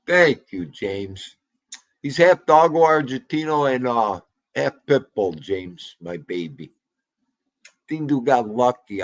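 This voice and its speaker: A man's voice: lowish voice, lo-fi sound. A man hosting a casual livestream podcast, rambling and joking with crude, profane banter.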